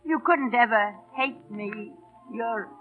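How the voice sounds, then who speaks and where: A woman's voice: on the high side, takes it slowly, narrow, tinny audio. An anxious aging mother, fretful and pleading. Her voice comes through a scratchy 1930s radio broadcast with faint music underneath. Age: older. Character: anxious aging mother, poor woman posing as a lady.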